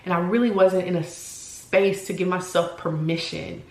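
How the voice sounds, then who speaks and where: A woman in her forties who talks candidly and earnestly in a personal vlog, often pausing to search for words. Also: fairly low pitch, fairly even intonation, echoey room. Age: 40s. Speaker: vlogger.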